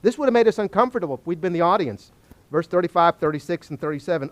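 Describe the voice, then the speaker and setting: A man teaching a Bible study, animated and joking, asking the class questions. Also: a little high, fast, dry recording.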